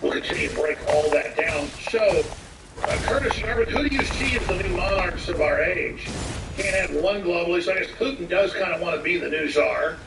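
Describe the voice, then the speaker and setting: A man hosting a political talk show, blunt and forceful, cutting in to finish his guest's points. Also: high-pitched, normal speed, creaky, music in the background. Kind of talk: combative political talk radio. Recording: echoey, distant, noisy studio feed.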